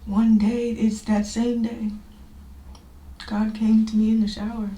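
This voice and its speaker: A woman with a warm, fairly high voice speaks unhurriedly, with little pitch movement and frequent pauses. As a podcast host, she talks informally and emphatically about her own life in a reflective, confessional way. The room is echoey, with faint noise.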